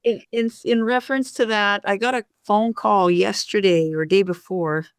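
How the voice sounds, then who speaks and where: A woman co-hosting a podcast, telling stories in a lively way with many restarts. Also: medium pitch, moderate pace, smooth, no echo, studio quality. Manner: animated storyteller, frequent restarts. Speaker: podcast co-host. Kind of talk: casual conversation.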